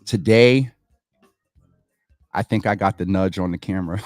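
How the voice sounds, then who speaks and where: An earnest man hosts a casual community talk show on a livestream, speaking straight to his viewers and calling them y'all in an animated way. His voice sits low, with no room sound.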